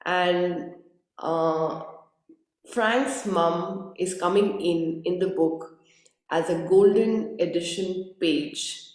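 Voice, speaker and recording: A woman's voice: fairly low pitch, extremely slow, darkish tone. Groggy woman hosting in an echoey room. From India. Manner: earnest, effusive, repeats words. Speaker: host. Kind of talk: live-streamed interview introduction.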